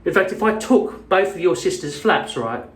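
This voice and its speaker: Rambling, profane male vlogger at middle pitch, echoey small room, mic at a distance. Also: expressive, moderate pace, fairly bright tone. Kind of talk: casual chat.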